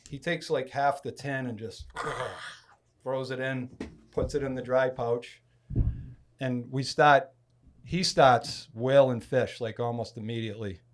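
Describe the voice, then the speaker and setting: A man from Massachusetts tells a long story on a podcast in a casual, chatty way. His voice sits at an ordinary middle pitch, and he swings it widely to act out the people he quotes. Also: a little slow, long pauses. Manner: animated storyteller, acts out quoted speech with loud bursts. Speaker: podcast guest.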